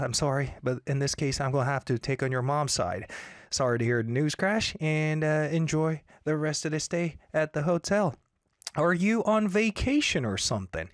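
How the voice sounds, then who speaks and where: A young male host runs a live show and reads viewers' comments aloud in an upbeat manner. His voice sits fairly high and swings widely in pitch. The sound is dry and close, with little room. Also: no room sound. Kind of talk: live-streamed show, reading chat comments.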